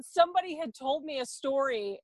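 A woman's voice: high-pitched, expressive, fairly quick, dry recording. A woman, a radio host and life coach, chatting casually as a guest and laughing often through her stories. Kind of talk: casual chat.

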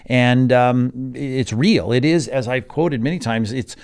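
A man's voice: medium pitch, fairly even intonation, unhurried, a little mellow, clear, resonant tone. A man leading an evening Bible study in an informal teaching manner, with frequent fillers and emphatic stresses.

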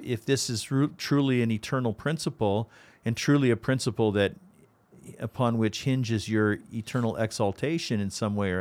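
A man, a pastor and co-host, explaining in a casual discussion, thoughtful and halting with frequent restarts. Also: medium pitch.

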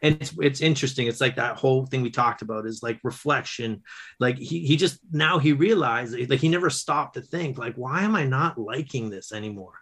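Guy telling teaching stories, bright voice, keeps restarting, laughs a lot. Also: mid-range voice. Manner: animated, quick storytelling with restarts and laughs. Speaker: guest author and educator. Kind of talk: casual storytelling.

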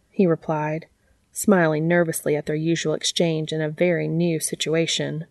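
A woman with a lowish voice narrates a story in a calm, even audiobook reading. The sound is dry and close to the mic, with no room around it. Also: normal speed, no room sound. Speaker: fanfiction reader.

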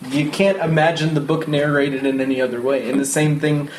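Man, slightly higher voice, casual book discussion, echoey room, faint noise. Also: fairly even intonation, brisk. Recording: roomy echo with faint noise.

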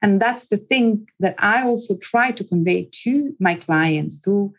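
A woman's voice: medium pitch, unhurried, husky, low-quality recording. A woman psychologist, an interview guest, telling a personal story in an earnest way, repeating words and often restarting her sentences.

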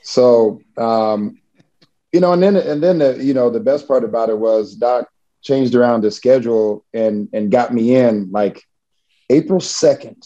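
A man from Missouri, in a relaxed interview, tells a personal story with chuckles and frequent restarts. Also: mid-range voice, measured pace, lo-fi sound. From Missouri, USA. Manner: casual, chuckling, many restarts.

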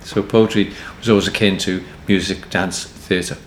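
Older man in his eighties, Liverpool accent, low voice, wry and rambling, echoey room. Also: steady tone, moderate pace, slight background noise. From Liverpool area, England. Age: 80s. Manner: meandering, stops and restarts, wry. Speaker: poet guest. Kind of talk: relaxed anecdotal interview answers. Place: hotel book room, indoors. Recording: roomy echo, faint ambience.

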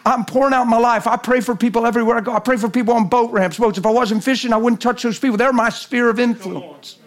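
A man preaching a sermon at a church service, animated and telling stories, acting out the voices in them and swinging from loud to hushed. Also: very high voice, quick pace. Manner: acts out voices in his stories. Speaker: guest preacher. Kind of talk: sermon with storytelling.

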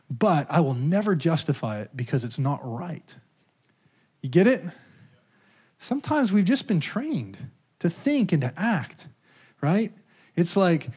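A man's voice: a little mellow, husky. A man preaching a sermon in a conversational way, checking in with the congregation and acting out quoted thoughts. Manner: acts out quoted thoughts and voices with sudden pitch jumps. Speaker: pastor.

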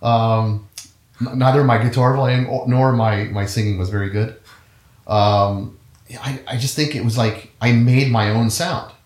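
A man's voice: medium pitch, a little slow, darkish tone, roomy sound. A man being interviewed about his path into music, talking casually and telling stories with many restarts and fillers. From Cincinnati, USA. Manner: rambling storyteller with frequent restarts and fillers. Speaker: guest musician, trumpet player.

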